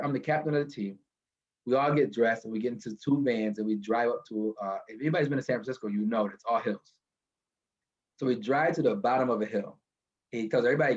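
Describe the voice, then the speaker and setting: A man telling a motivational story from his car, animated and building to a lesson, over a video call. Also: medium pitch, dull audio. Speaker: guest speaker.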